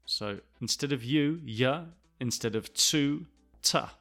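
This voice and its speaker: A male English teacher explaining pronunciation, slow and deliberate, repeating phrases to demonstrate them. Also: medium pitch, fairly bright tone, soft background music. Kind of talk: language lesson explanation.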